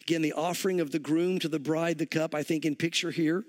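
A pastor preaching a verse-by-verse sermon, telling the story in a conversational way and often saying "you know". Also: male voice, fairly high pitch, fairly even intonation, fast.

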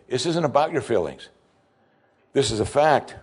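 A man's voice: very animated, normal speed, long pauses, a little mellow, slightly rough. Man preaching with swinging emphasis. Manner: emphatic preaching with rising and dropping pitch. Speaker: pastor. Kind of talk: sermon.

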